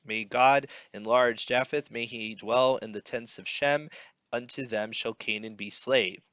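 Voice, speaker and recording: A man's voice: mid-range voice, dry recording, muffled recording. A young man co-hosting a Bible podcast, chatting casually and then reading scripture aloud at an easy pace. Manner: relaxed, friendly, reads scripture aloud with pauses. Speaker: podcast co-host.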